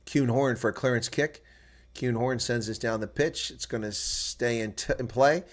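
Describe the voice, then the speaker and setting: A man calling a rugby match live on his own stream, muttering while he checks scores and growing loud and heated when play picks up or a referee call goes against his side. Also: medium pitch, normal speed. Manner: gets loud and excited during play, argues with referee calls. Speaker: live reaction commentator.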